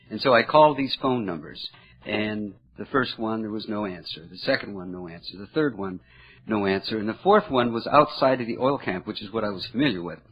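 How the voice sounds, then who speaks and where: An older man speaking earnestly at a recovery meeting, telling a personal story in a halting, heartfelt way. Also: lowish voice, husky. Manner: earnest, halting, emotional at moments. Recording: dull lo-fi recording.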